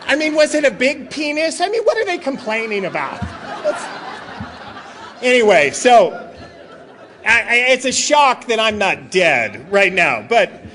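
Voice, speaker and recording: A middle-aged man with a very high, sharp voice, very animated yet unhurried, gives a comic storytelling talk as a recovery meeting speaker, with some chatter in the background. He jokes, laughs often, and acts out his own lines.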